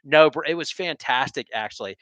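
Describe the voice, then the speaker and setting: A man's voice: on the high side, lively intonation, brisk, fairly bright tone, dry recording. A middle-aged American man from Texas, hosting a casual sports stream with rambling, enthusiastic digressions. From Texas, USA.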